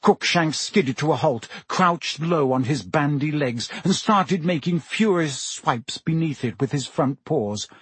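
A man's voice: a little high, unhurried, few pauses, slightly rough, no echo. A man reading a children's novel aloud as an audiobook narrator, telling the story steadily. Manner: steady storytelling with character voices. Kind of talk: scripted narration.

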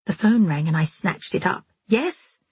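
A woman narrating a novel in the first person, in a steady, measured storytelling manner. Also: sits low, slightly rough, dry recording. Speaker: audiobook narrator.

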